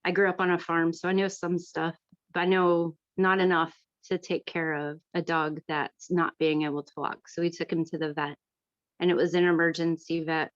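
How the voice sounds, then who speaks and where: A woman's voice: on the low side, little pitch movement, normal speed, dry recording. A woman telling a candid personal story in an online workshop, earnest and frank, with many fillers. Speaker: workshop participant. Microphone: video call. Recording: dull lo-fi video call audio.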